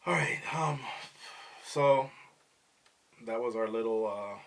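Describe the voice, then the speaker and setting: A man's voice: mid-range voice, slow pace, vocal fry. A middle-aged man hosting a casual family podcast, talking animatedly and often slipping into quoted voices, with many fillers like "you know what I mean". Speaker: podcast host talking with his son.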